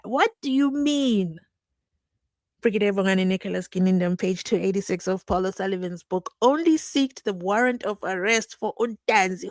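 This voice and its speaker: A woman's voice: medium pitch, moderate pace, no echo. Indignant woman with a dry close sound. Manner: indignant, sarcastic, shifts between whispers and outbursts. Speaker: true crime commentator. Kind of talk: animated court recap commentary.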